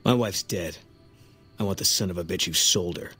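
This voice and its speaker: A gruff, husky soldier. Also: male voice, low-pitched, moderate pace, exaggerated voice. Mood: grim. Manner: curt, guarded, flat. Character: grim, bitter soldier sniper, grieving husband. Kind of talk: video game voice acting. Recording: game audio under music.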